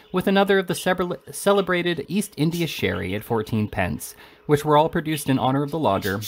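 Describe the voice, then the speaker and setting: A man reading a classic novel aloud in an expressive, animated way. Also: mid-range voice, a little hiss or hum. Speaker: reader.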